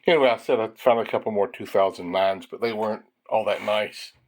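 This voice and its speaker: His voice is on the low side and fairly quick. He runs a coin-roll hunting channel, sorting pennies while chatting with viewers in a folksy, casual way, chuckling frequently and calling his audience "folks."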